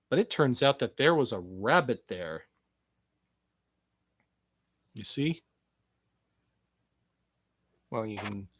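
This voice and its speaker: A man hosting a casual podcast alone, rambling and joking, swearing freely and swinging from mumbled asides to loud outbursts. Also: on the low side, a little slow, long pauses, no echo, clean studio sound. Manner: joking, swearing, jumps between quiet asides and loud bursts. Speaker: podcast host.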